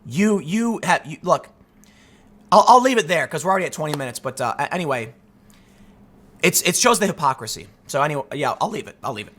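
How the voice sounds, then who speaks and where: A man hosting a commentary show, ranting to his audience in an emphatic, animated way. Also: fairly high pitch, a little fast. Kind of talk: opinion rant to camera.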